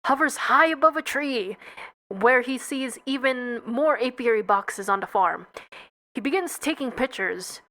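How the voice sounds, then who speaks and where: Young woman narrator, casual read-through, bright high voice, stumbles on words. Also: expressive, unhurried, a little hiss or hum. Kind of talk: playful script read-through.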